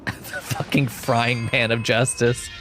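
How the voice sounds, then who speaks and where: A man's voice: medium pitch, little pitch movement, slow pace, over music. A man casually commenting while playing a story game, laughing often and swearing freely. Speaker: game streamer. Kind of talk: casual let's-play commentary.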